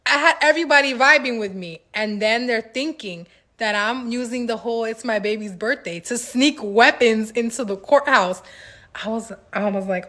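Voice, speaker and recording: A woman hosting a casual livestream Q&A, telling stories in an animated, slangy way with laughs, into a phone mic. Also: on the high side, moderate pace. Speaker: livestream host answering viewer questions.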